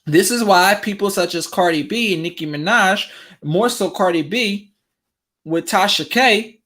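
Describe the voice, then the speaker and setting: A man's voice: high voice, measured pace, sharp tone. A man hosting a relationship talk show, giving casual commentary straight to his viewers and repeating phrases for emphasis.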